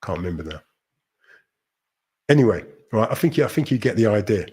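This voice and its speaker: A man's voice: fairly low pitch, lively intonation, brisk, darkish tone, breathy edge. A man hosting a casual live-stream vlog, talking emphatically to his viewers, often repeating phrases and checking in with "right?". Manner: rambling, restarts and repeats phrases. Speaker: channel host.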